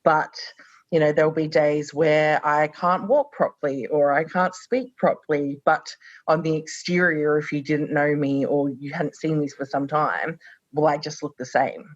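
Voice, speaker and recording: A woman's voice: deep voice, fairly even intonation, a little slow, no room sound, muffled recording. A woman in her thirties from Australia, a podcast guest speaking reflectively with many fillers. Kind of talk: conversational podcast interview.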